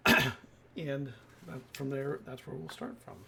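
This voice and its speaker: Gravelly game master, casual. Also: male voice, mid-range voice, flat delivery, a little slow, noisy background. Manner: casual, laughing, rambling. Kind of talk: narrating a tabletop game.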